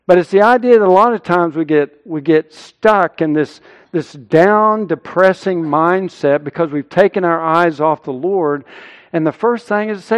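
A middle-aged male pastor preaching a sermon, earnest, rising loud and high when he quotes scripture. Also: moderate pace.

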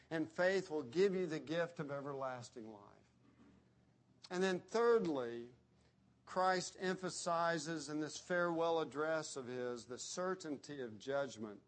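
A man preaching a sermon, emphatic and deliberate, with repetitions. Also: fairly high pitch.

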